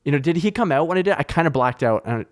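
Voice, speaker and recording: A man's voice: fairly high pitch, fast talker. A young man hosting a podcast, telling stories in a casual, heated, profane way. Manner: animated, profane, heated retelling of anecdotes. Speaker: podcast host. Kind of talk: casual storytelling chat.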